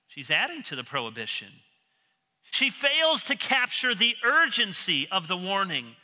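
A man preaching an expository sermon, emphatic and animated, dropping low and quiet when he quotes others. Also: unhurried. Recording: long reverb of a large hall.

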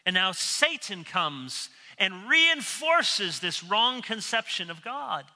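Animated, bright-voiced preacher in a reverberant hall. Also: male voice, slow pace. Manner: animated, emphatic, drops low and quiet for quoted speech. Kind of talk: expository sermon. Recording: long reverb of a large hall.

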